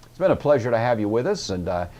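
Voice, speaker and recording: A man's voice: medium pitch, very animated, quick pace, darkish tone. A middle-aged man teaching a recorded language lesson, patiently talking himself through each step of an exercise. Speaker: Greek teacher. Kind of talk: recorded lecture walkthrough.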